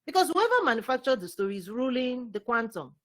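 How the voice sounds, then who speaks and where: A woman giving a spiritual teaching talk, preaching with animation, repeating words and swinging between loud and soft. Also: on the high side, big pitch swings, quick pace.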